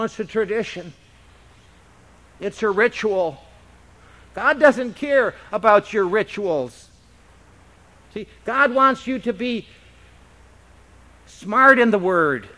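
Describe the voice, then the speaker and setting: A man with a high voice preaches in an unhurried, deliberate way. He teaches the Bible as a pastor and keeps the tone conversational. He keeps tossing rhetorical questions to his congregation. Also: pushed and bright. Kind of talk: expository Bible-teaching sermon.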